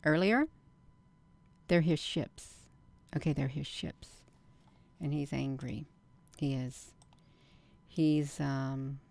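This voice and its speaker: A woman with a low, deep voice hosts her own livestream. She speaks slowly and earnestly, repeats herself and fills pauses with ums. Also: gravelly, a little mellow, no room sound. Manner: slow, earnest, repetitive, with many ums. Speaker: channel host. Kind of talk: casual livestream vlog.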